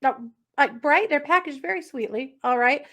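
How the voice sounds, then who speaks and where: Higher-voiced playful woman telling odd news. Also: normal speed, a bit bright. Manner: playful storyteller, lots of uh and mm-hmm, giggles through odd news. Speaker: podcast co-host. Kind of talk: casual true crime chat.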